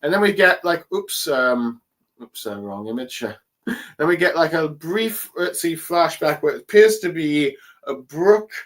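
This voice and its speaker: A man casually recapping a comic chapter for his channel, talking hesitantly with many fillers and pauses. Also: fairly high pitch, animated. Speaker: manga chapter reviewer. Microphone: desk mic at a streaming setup.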